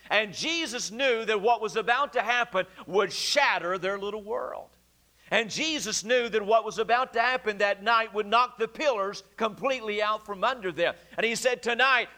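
A man pastor preaching a sermon in a church, acting out quoted voices with emphatic pauses. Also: high-pitched, bright, forceful tone. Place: church sanctuary.

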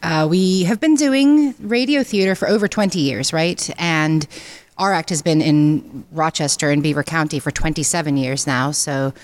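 Low-voiced woman, theater company president. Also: moderate pace. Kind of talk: interview answers.

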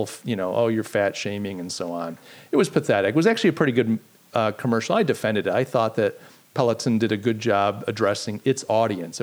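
A middle-aged man hosts a live-streamed podcast, rambling casually and making fun of himself as he answers his live chat. His voice sits at medium pitch with a darkish tone.

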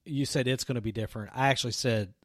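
A man's voice: medium pitch, steady tone, fast talker, no echo, clean studio sound. A man co-hosting a youth ministry podcast, bantering playfully in a casual chat.

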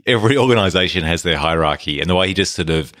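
A man's voice: sits low, lively intonation, racing, a bit bright, dry recording, clean studio sound. A man co-hosting a casual film podcast, chatty and enthusiastic, peppering his talk with "like". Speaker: podcast co-host.

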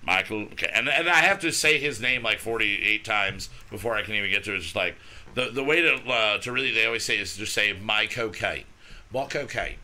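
A man's voice: on the low side, fairly quick, pushed and bright. A man in his thirties chatting casually on a podcast, rambling and self-deprecating. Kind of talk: casual chat.

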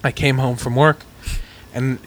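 A man's voice: medium pitch, steady tone, unhurried. A man co-hosting a podcast, chatting casually, often laughing and using lots of fillers. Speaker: podcast co-host. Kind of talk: casual chat.

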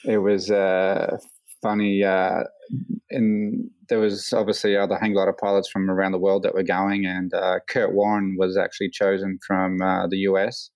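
An Australian man with a fairly low voice tells a long story in a relaxed interview, leaning on fillers and slipping into livelier voices when he quotes people. The sound is dry and close, with no room echo. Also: moderate pace, muffled recording. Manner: rambling, many fillers, animated quoting. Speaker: hang glider pilot, guest.

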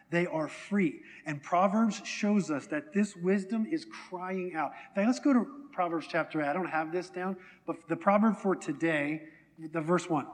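A man's voice: a little high, in a large hall. A man preaching a sermon to a congregation in a conversational way, often asking them questions. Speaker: pastor. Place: church hall.

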